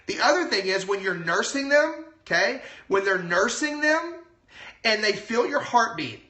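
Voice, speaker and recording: A man who is a doctor talking casually and excitedly on a livestream, full of asides. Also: high voice, moderate pace, reverberant. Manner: excited, chatty, lots of asides. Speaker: doctor giving health advice.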